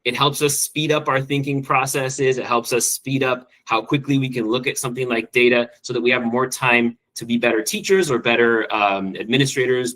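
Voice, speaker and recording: A man's voice: medium pitch, bright, forceful tone, low-quality recording. Enthusiastic man teaching a tech workshop. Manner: quick, enthusiastic, with frequent ums and restarts. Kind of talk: online training presentation.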